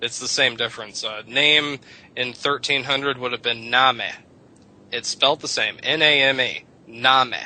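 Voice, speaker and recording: A man's voice: medium pitch, steady tone, moderate pace, bright, forceful tone, low-quality recording. A man chatting on a radio show, explaining how English vowels changed, rambling and cursing casually. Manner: rambling, lecturing, swears casually. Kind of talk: casual radio chat about language history.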